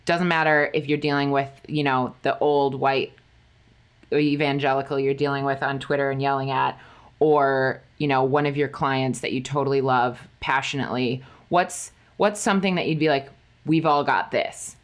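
Low-voiced woman hosting a podcast. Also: fairly even intonation, moderate pace. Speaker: podcast host. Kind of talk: casual interview chat.

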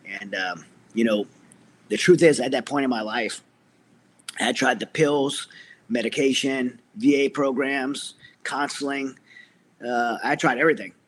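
A man's voice: medium pitch, unhurried, a little hiss or hum. A middle-aged man, a military veteran, earnestly telling his personal story as an interview guest, with many restarts.

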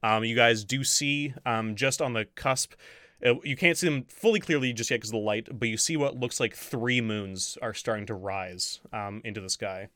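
Brief: game master, male, bright forceful voice, dry close sound, filler-heavy narration. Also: medium pitch, normal speed, no echo. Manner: rambling, many ums and uhs, laughs easily.

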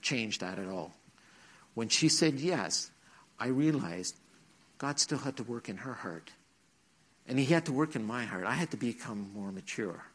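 This youth speaker, a middle-aged man with a slightly bright, medium-pitched voice, preaches to teens at church. He earnestly narrates his testimony and acts out the quotes as he goes.

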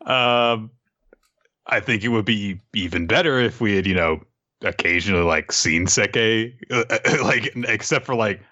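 A man's voice: lowish voice, measured pace, sharp tone, lo-fi sound. A man co-hosting a casual podcast, laid-back and hesitant, with casual swearing. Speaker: podcast co-host. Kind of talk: casual chat.

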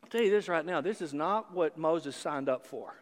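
A man preaching a sermon as a pastor, animated, with playful sarcasm while reading scripture aloud. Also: a little high, normal speed. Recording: long hall reverb.

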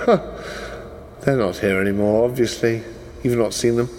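A man's voice: mid-range voice, slow, a little mellow, long reverb tail, slight background noise, lightly acted. A game master voicing a posh, smug man who apologises falsely and drops into blunt swearing. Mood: smugly apologetic. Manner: mock-polite, chuckling, then blunt and sweary.

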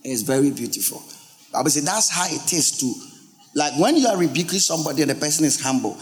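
A male pastor, preaching a lively sermon and asking his congregation questions. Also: on the high side, quick pace, faint music behind. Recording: long hall reverb.

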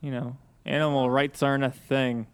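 A man's voice: mid-range voice, level tone, normal speed, smooth. A man co-hosting a podcast in casual chat, joking and swearing freely. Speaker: podcast co-host and editor.

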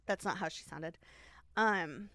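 A woman's voice: lowish voice, slow, bright, forceful tone, no echo, studio quality. A young adult woman co-hosting a podcast, chatting casually, laughing often and retelling stories with little acted quotes. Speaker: podcast co-host. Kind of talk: casual chat.

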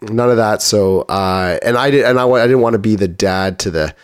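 A middle-aged man co-hosting a casual podcast, easygoing and halting, holding back a cough. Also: lowish voice, smooth, no echo, clean studio sound. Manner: easygoing, halting, restarts often. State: fighting a cough. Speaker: podcast co-host. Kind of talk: casual chat. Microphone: studio microphone.

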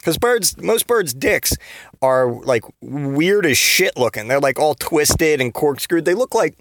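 A man's voice: fairly high pitch, animated, measured pace, no room sound. A man hosting a comedy podcast, rambling through a giggly monologue full of fillers and restarts. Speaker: podcast host.

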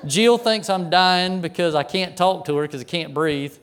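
Middle-aged pastor, male, slightly high voice, folksy animated storyteller from the pulpit. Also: moderate pace, clear, resonant tone. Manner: animated, folksy anecdote with chuckles. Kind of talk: storytelling sermon.

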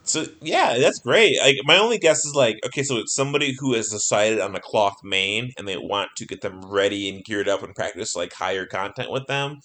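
A man co-hosting a casual podcast who talks excitedly, swears freely and laughs often. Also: fairly low pitch, brisk, few pauses. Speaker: podcast co-host.

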